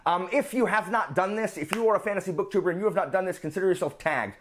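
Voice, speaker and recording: A man's voice: sits high, fast. A man hosting a book channel, chatting casually with a rambling, playful manner. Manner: lively, rambling, playful asides. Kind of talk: casual chat.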